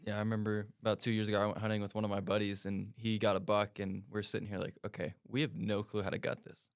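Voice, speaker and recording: A man talks fast in a relaxed, casual chat. His voice is smooth and clear and fairly low, recorded dry and close. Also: no room sound. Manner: quick, relaxed conversational replies.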